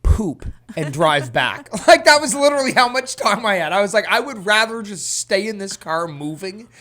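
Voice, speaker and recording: Co-hosting a podcast, this thirty-something man recounts a family story in a high-sitting voice at a moderate pace. His delivery is relaxed and lively, with lots of laughter and impressions of what everyone said.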